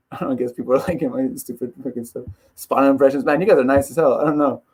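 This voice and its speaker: A man's voice: mid-range voice, fairly even intonation, fast, a little mellow, husky. A man chatting casually on a live stream as an MMA YouTuber, rambling, swearing and laughing.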